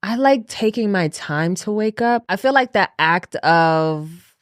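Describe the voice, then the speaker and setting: Una mujer joven, copresentadora de podcast, habla con franqueza en tono de charla, riendo y frenando para recalcar. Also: female voice, medium pitch, animated, dry recording, clean studio sound. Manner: candid, laughing, slows down to stress points. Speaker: podcast co-host. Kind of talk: casual chat.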